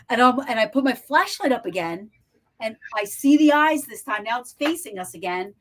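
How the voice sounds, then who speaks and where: A woman hosting a podcast over a video call, telling a story in animated, breathless bursts with lots of restarts and some swearing. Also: fairly high pitch, normal speed. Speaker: podcast host. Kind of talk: casual storytelling chat.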